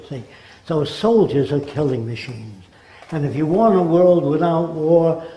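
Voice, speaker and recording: Old guy lecturing, rambling, does little accents, mellow kinda high voice. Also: reverberant, poor audio. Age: older. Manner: rambling, mimics accents to make points. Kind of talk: informal lecture.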